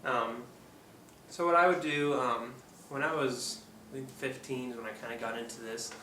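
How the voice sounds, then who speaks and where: A man from Oregon walks through puppetry tips in a loose, hesitant way, stopping often for ums. He sits back from the mic in a roomy space, with a faint hum behind him. His pitch sits in a middle range. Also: fairly even intonation, moderate pace. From Oregon, USA. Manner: rambling, hesitant, lots of ums. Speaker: puppeteer, channel host. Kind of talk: casual how-to tutorial. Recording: echoey room, distant mic, faint background hum.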